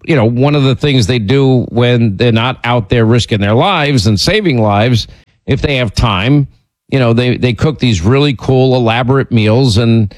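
A middle-aged man hosting a radio show, telling stories in a rambling, animated way and jumping up in pitch when he gets indignant. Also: no echo. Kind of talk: casual on-air storytelling.

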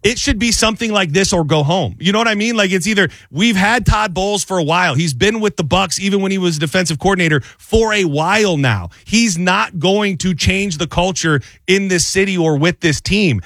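A sports talk host, a man, giving animated, opinionated takes on football. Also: high-pitched, fairly quick, hardly any pauses, dry recording.

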